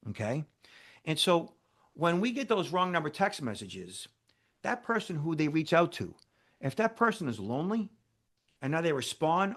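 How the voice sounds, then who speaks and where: A cybersecurity expert appearing as an interview guest tells a story animatedly in a fairly high-pitched voice. He acts out the dialogue and keeps checking in with "okay?" and "right?"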